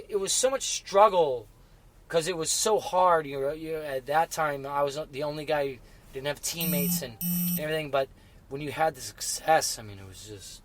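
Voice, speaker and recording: A middle-aged man telling racing stories in casual conversation, halting and full of restarts, growing emotional as he remembers. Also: a little high, a bit bright. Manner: halting, many restarts and fillers, emotional when recalling. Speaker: guest. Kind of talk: casual interview chat.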